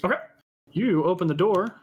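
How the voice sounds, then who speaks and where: High-voiced man running a tabletop game. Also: lo-fi sound, slight background noise. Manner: halting, many ums and restarts. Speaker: dungeon master.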